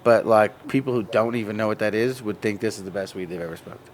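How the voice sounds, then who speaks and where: A low-pitched man talking loosely and happily on a podcast, wandering through his sentences and laughing at his own jokes. A faint hum of room noise sits behind his voice. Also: fast. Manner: rambling, joking, laughs often. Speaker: cannabis breeder and show guest. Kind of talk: casual podcast chat.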